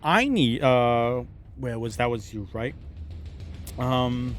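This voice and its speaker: A man narrating a tabletop game as game master, animated and quick to laugh. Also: medium pitch, soft background music.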